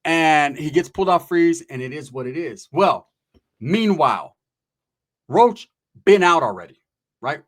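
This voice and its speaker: A man telling a rambling story in a profane, animated casual way. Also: fairly high pitch, unhurried, long pauses.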